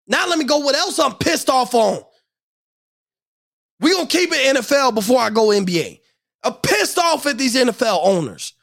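A young man rants about sports in a heated, profane way, hammering his points. His voice sits very high and crackles with gravelly fry. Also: big pitch swings, moderate pace, a bit bright. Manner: angry, profane, emphatic ranting. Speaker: sports commentator.

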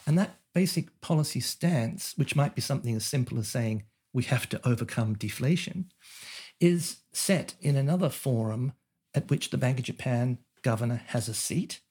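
On a podcast, an economist guest talks through his ideas with care, often using fillers and starting over. His medium-pitched voice is animated, a little mellow and slightly rough, at a moderate pace, in a conversational interview setting.

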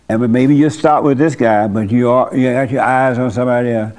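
A man's voice: mid-range voice, steady tone, brisk, hardly any pauses, a little mellow. Blunt, folksy male pastor. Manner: blunt, conversational, folksy asides. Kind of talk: informal church talk with congregation.

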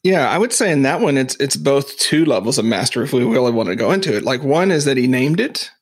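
A man's voice: medium pitch, lively intonation, fast, breathy edge. Podcast guest man, reflective, explaining, easy laughs between points. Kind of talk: casual chat.

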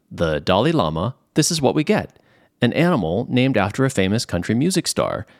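A man with a Southern California accent, hosting a podcast and reading out a joking letter in a playful, animated way. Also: on the low side, no room sound, studio quality. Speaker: podcast host.

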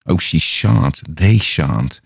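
A man's voice: sits low, lively intonation, takes it slowly, creaky, no echo, studio quality, heavily acted. A man reading the lines of a fragile, despairing young woman in a dull little voice.

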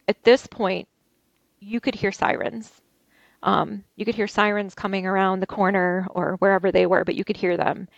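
A woman telling an interview host about a violent attack she survived, talking haltingly with many restarts. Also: mid-range voice, creaky, no room sound, dull audio. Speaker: interview guest. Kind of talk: recounting a personal ordeal. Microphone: video call.

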